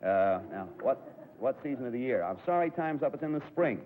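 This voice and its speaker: On a tinny, hissy 1950s radio broadcast, a medium-pitched, expressive male host runs a live quiz show. He rattles off questions and needles the contestants with rapid-fire jokes.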